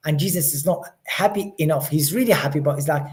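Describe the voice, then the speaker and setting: A man's voice: on the high side, fast, few pauses, a little mellow. A man giving a spiritual teaching to a live group in a session room, earnest and often repeating words as he searches for the phrasing. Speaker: religious teacher. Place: study day session room with listeners.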